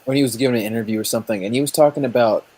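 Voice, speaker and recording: A man's voice: mid-range voice, racing, dark tone. A man chatting casually on a live stream, laughing easily and rambling through his stories.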